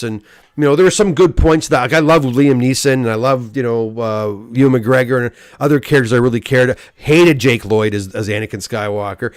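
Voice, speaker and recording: A man's voice: medium pitch, no room sound. Middle-aged male streamer, opinionated rant, stammers, dry close sound. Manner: opinionated, ranting, stammering restarts. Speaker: host of comic live stream. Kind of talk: casual live-stream chat reading comments.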